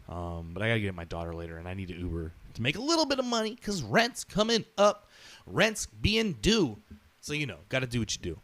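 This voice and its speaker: Animated, swearing man ranting. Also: fairly high pitch, normal speed, no room sound. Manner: animated, sarcastic, swears often. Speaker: podcast host. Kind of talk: profane storytelling rant.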